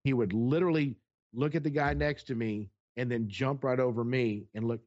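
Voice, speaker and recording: A man's voice: mid-range voice, steady tone, moderate pace, darkish tone. A man telling a heated personal story in casual conversation, blunt and profane as he recounts what happened. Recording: dull lo-fi sound.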